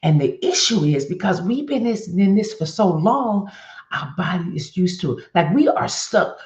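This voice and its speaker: A woman hosting a faith-based wellness stream, talking straight to her viewers and coaching them through an exercise in a lively, animated way. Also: lowish voice, normal speed, echoey room, muffled recording. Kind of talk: live-stream coaching talk.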